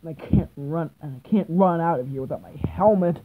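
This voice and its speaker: A speaker performing every role in a homemade fan drama, swinging between loud excited outbursts and low mumbled asides. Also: fairly quick, hardly any pauses. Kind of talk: amateur one-person fan drama, doing every role. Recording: tinny phone-like lo-fi with faint hiss.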